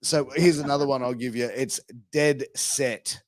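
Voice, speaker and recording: A man's voice: mid-range voice, a little slow, few pauses, dry recording. A man with an Australian accent hosting a podcast, laid-back and casual, swearing freely as he chats. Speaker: podcast host. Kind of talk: casual interview chat.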